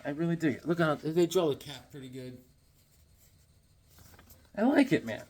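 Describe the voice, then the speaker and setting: Animated man showing off comics. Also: fairly high pitch, moderate pace, slight background noise. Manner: animated, cracks corny jokes, sudden yelps. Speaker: comic book vlogger. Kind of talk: casual show-and-tell chat.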